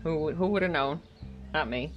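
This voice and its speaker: A woman's voice: low-pitched, moderate pace, muffled recording, faint music behind. A woman streamer chatting casually at home while gaming, rambling with lots of "like" and getting heated when something annoys her. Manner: rambling, heavy use of "like".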